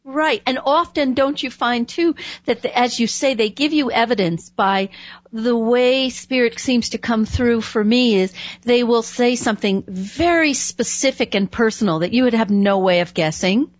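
A woman hosting a conversational interview, an animated storyteller who laughs often. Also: on the high side, moderate pace, no echo, highs cut off. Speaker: host.

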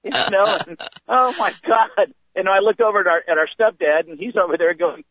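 A man's voice: high-pitched, moderate pace, dry recording, dull audio. A male comedian telling funny stories from his life in a casual chat, acting out the voices of the people in them. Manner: animated storyteller who acts out voices. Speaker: comedian guest.

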